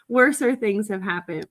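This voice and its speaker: A somewhat high-pitched woman who chats easily and giggles often. She talks to her live viewers in a relaxed way while sorting resale stock. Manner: chatty and giggly, talking to viewers. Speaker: resale livestream host. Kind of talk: casual live-stream chat while working.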